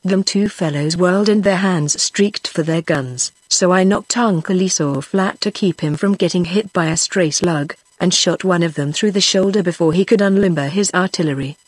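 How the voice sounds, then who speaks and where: A text-to-speech woman's voice with a British accent, reading an audiobook in an even, steady way. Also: lowish voice, normal speed, few pauses, breathy edge, no room sound. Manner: even, steady machine-read delivery. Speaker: audiobook narrator.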